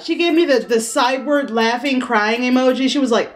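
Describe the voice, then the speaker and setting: A woman's voice: high voice, moderate pace, hardly any pauses, faint music behind. A young woman chatting casually on her vlog, brash and playful, swearing freely and laughing often. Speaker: vlogger.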